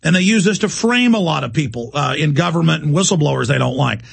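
A man's voice: fairly high pitch, lively intonation, fast talker, gravelly, breathy edge. A man hosting a talk show, delivering an urgent, impassioned monologue.

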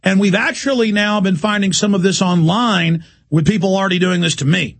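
Guy ranting on his talk show, raspy gravelly voice, kinda high. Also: brisk, fairly bright tone. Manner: urgent, ranting delivery. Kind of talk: impassioned monologue.

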